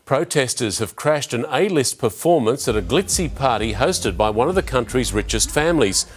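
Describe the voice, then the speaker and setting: A man reading the evening news as anchor, measured and steady. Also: mid-range voice.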